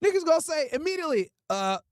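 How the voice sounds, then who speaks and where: A man's voice: very high voice, sing-song, fast talker, very noisy. A man hosting a livestream, giving crude, mocking reaction commentary and laughing often. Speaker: livestream host.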